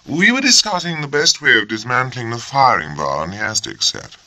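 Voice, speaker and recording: A man's voice: mid-range voice, big pitch swings, fairly quick, bright, forceful tone, no room sound, voice pushed up, low-quality recording. A man voicing a grave, formal and very courteous naval officer who speaks with stiff precision. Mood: formal, puzzled.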